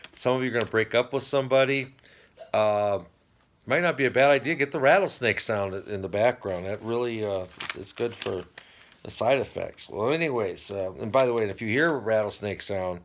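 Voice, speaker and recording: A man's voice: fairly low pitch, fairly bright tone, a little hiss or hum. A middle-aged man hosting a home channel, casually recapping a TV dating show with rambling, wry asides. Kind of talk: casual chat.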